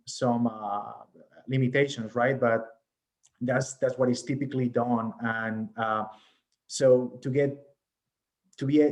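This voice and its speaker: A man delivers an academic research lecture over a video call, with a voice of ordinary middle pitch. He explains patiently, step by step, and keeps checking that the audience is following. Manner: explanatory, often checks in with "right?". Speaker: research presenter.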